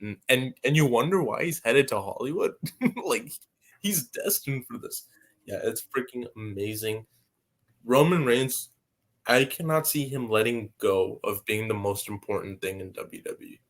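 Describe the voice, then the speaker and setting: A man's voice: medium pitch, animated, measured pace. A young man co-hosting a casual podcast chat, giving blunt, offhand opinions. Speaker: co-host.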